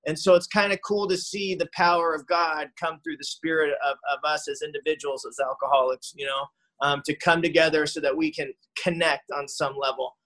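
A middle-aged man speaking from his living room over a home call mic, telling his story in an earnest, heartfelt way. His voice sits a little high for a man. He stumbles, restarts and fills gaps with ums and you-knows. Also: little pitch movement, sharp tone, poor audio. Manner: halting, full of fillers and restarts. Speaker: speaker at a recovery meeting. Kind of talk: personal recovery story.

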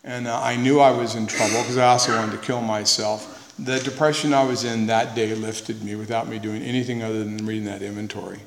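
A man's voice: on the low side, steady tone, a little fast. Man sharing his story in an echoey hall. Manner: earnest and conversational, repeats words for emphasis, wry humor. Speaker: speaker at a recovery meeting. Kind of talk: personal testimony to an audience. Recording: echoey hall with faint noise.

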